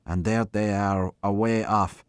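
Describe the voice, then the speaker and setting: A man reading aloud, voicing a talkative young country policeman who marvels out loud at what he has seen. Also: lowish voice, steady tone, unhurried, smooth, no echo, close to an everyday voice. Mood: marvelling. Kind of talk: reading a short story aloud.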